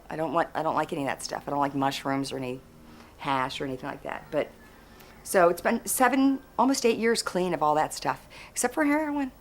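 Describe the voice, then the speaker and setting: A woman's voice: mid-range voice, a little hiss or hum. A woman in a music documentary talking casually and frankly, in a laid-back way full of drifting asides. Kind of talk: casual candid chat.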